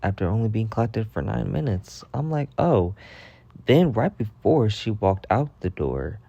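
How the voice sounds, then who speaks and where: Man, casual storytime gossip, mellow tone, dry dull lo-fi sound. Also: big pitch swings, moderate pace, creaky, dry recording. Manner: chatty, gossipy, acts out quotes with rising pitch. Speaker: storytelling vlogger.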